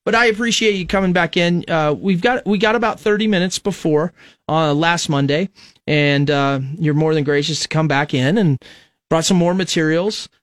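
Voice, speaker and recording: A man's voice: fairly high pitch, moderate pace, no room sound, clean studio sound. A male radio talk show host from Nebraska, giving a rambling, conversational political monologue full of fillers.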